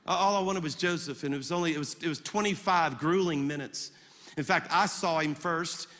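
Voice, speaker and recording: A male pastor preaching a sermon, telling a story in an animated, emphatic way with quick repetitions. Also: fairly high pitch, in a large hall. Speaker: guest pastor.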